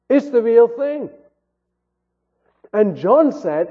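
A man's voice: extremely high pitch, animated, measured pace, husky. A man, a pastor, delivering an earnest sermon with rising and falling emphasis, heard through a tinny, phone-like recording. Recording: phone-like sound with long hall reverb.

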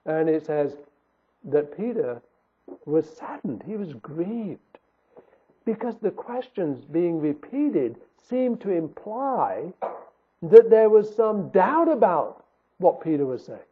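A man's voice: high voice, big pitch swings, slow pace, slight background noise. A man preaching a sermon in an earnest, emphatic way, repeating his key phrases for weight. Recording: tinny phone-like recording.

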